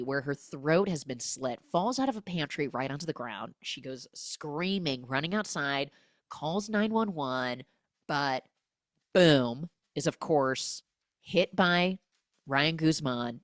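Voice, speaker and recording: Animated woman recapping a film. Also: sits low, dry recording, clean studio sound. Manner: animated, acts out characters' lines in quick voices. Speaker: podcast host.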